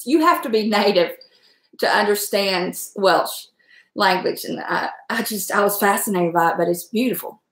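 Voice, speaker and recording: A chatty middle-aged woman with a Southern accent from Southwestern Virginia talks casually to her viewers. She wanders from thought to thought and laughs often. Her voice sits at a middle pitch, and the room around her rings with echo. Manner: chatty, rambling, quick to laugh. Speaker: livestream host chatting with viewers. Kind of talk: casual chat.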